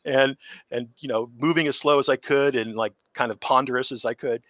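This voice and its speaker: Middle-aged man, interview guest, animated storyteller who acts out quotes; bright voice, dry sound. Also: medium pitch, brisk, no echo. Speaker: interview guest, creature suit performer.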